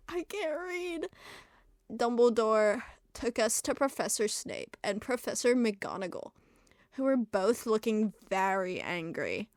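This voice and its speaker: A woman's voice: on the high side, darkish tone, no room sound, studio quality. A young woman giving a comedic dramatic reading of fan fiction, giggling and adding self-deprecating asides. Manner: giggly, often breaking into laughter. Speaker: reader.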